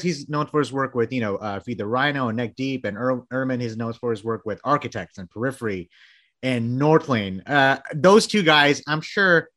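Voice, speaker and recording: Male host, middle pitch, upbeat and chatty, easy laughter. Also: fairly bright tone. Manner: enthusiastic, chatty, laughs easily. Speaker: interview host. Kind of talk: casual interview.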